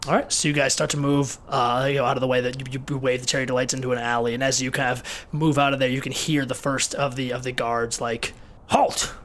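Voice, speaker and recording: A man's voice: medium pitch, flat delivery, fast, hardly any pauses, fairly bright tone, slight background noise. A man narrating as game master of a tabletop game, rambling and repeating words as he thinks.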